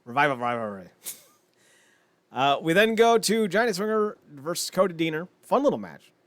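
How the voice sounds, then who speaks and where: Rambling, excitable young man, dry sound. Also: high-pitched, normal speed, no echo. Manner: rambling and excitable, laughs often, many fillers. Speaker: podcast co-host. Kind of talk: casual wrestling chat.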